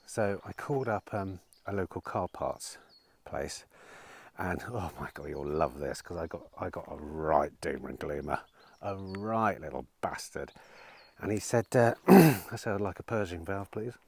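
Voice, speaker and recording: A man, a used car dealer chatting casually to camera, telling stories with dry sarcasm and plenty of swearing. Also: low voice. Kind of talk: casual vlog monologue.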